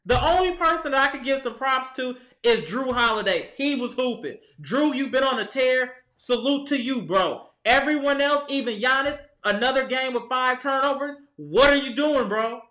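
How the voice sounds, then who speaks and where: A sports vlogger with a high, bright voice rants at his team, heated and exasperated, as though speaking to the players directly. He keeps a moderate pace with few pauses, and his camera mic catches the echo of a room at home.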